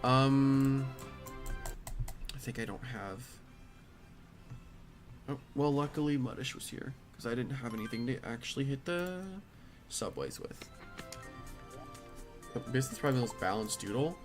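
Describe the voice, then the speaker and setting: A man's voice: medium pitch, animated, normal speed, pauses often. A tired young man answering chat questions offhand while he streams a game. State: tired, flat. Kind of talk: casual live-stream chat. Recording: game music behind the voice.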